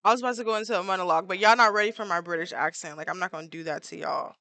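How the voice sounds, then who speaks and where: Talking rapid-fire in a fairly low, bright, forceful voice, a woman artist streams herself drawing and chats playfully with viewers. She uses lots of filler words, and there's no room sound.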